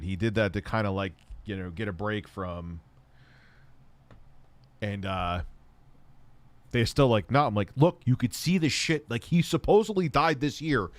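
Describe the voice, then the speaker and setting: Profane, chatty male streamer. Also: no echo. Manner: profane, animated storytelling, acts out quotes in high shouts. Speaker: host. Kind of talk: casual livestream chat.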